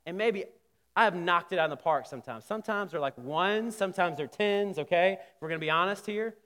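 A man with a notably high-pitched voice gives a sermon in a conversational style. He keeps restarting his phrases and pushes up into sudden emphatic rises. His voice rings out with a long reverb, as if he is in a big sanctuary. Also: fairly quick, fairly bright tone. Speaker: pastor.

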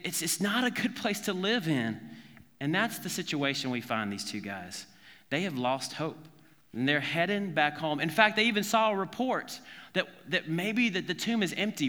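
A man's voice: on the high side, pushed and bright, big-room sound. A man from South Carolina preaching a conversational sermon, earnest and informal, often restarting his sentences. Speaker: pastor.

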